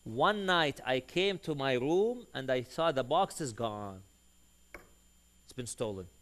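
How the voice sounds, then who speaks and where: Animated male preacher telling a story. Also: mid-range voice, slow. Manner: animated storyteller who acts out quoted dialogue. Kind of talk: storytelling sermon.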